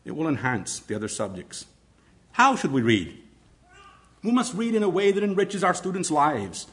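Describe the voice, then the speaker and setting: A man teaching fellow educators how to read stories aloud, with an expressive, demonstrative delivery. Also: on the high side, fairly quick. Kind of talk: instructional talk on read-aloud storytelling.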